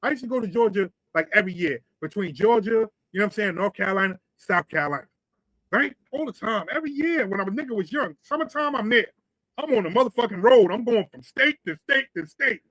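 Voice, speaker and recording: A man's voice: sits high, expressive, fast talker, fairly bright tone, dry recording, poor audio. A man, co-hosting a podcast and telling a long, profane, rambling story. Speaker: podcast co-host. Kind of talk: casual storytelling.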